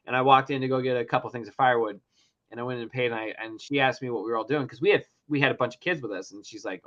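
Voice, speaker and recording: This middle-aged man hosts a casual talk show and tells a story animatedly, acting out dialogue and swearing often. His medium-pitched voice is very fast and a bit bright, and the recording sounds dull and lo-fi.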